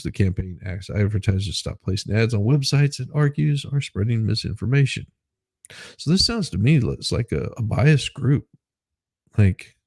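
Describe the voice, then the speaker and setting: Gravelly-voiced man doing sarcastic news commentary. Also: fairly low pitch, mellow, no echo, clean studio sound. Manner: sarcastic, rambling asides; self-deprecating. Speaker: host. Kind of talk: casual news commentary reading articles aloud.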